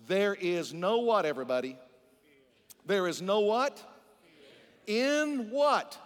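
High-pitched guy preaching to his church, throws questions at the crowd, big echoey hall. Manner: preaching with call-and-response to the congregation; swings between loud emphatic lines and low, hushed ones. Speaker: pastor. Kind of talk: sermon. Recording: long reverb of a large hall.

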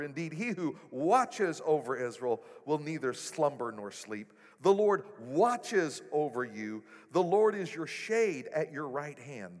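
Animated preacher in a ringing church. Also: male voice, on the high side. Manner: animated, rising to loud exclamations. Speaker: pastor. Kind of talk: sermon. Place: church sanctuary. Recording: echoey hall.

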